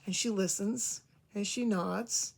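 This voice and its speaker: A woman's voice: mid-range voice, steady tone, takes it slowly, gravelly, husky. A woman in her forties hosting a casual storytelling monologue, chatty and prone to rambling. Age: 40s. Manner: rambling, self-aware, chatty. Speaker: host.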